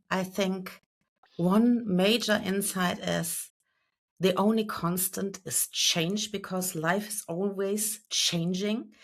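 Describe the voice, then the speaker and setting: Podcast host lady, slow and thoughtful, affirming her guest. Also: medium pitch. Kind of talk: interview, reflecting on guest's words.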